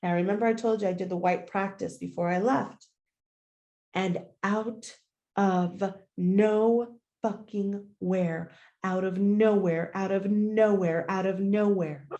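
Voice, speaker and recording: A woman hosting a podcast, telling a personal story in an animated, profane, casual way. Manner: animated, profane, swings into loud high-pitched retellings. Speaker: podcast host. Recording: roomy echo.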